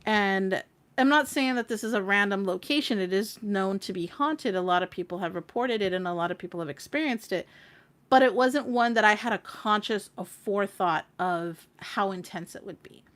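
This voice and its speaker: Woman stream host, casual storyteller, mid-pitched voice, loose and talkative with plenty of "like" and "you know". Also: moderate pace. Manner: chatty and animated, heavy with fillers and casual swearing. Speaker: tarot reader and stream host.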